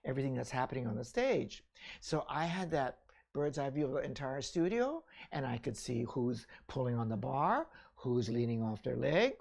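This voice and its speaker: A man's voice: mid-range voice, big pitch swings, normal speed, darkish tone. An older man, a ballet teacher, chatting casually about his career in a rambling way, with frequent "you know" and "all right?". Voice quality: gravelly, husky. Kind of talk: casual memoir talk.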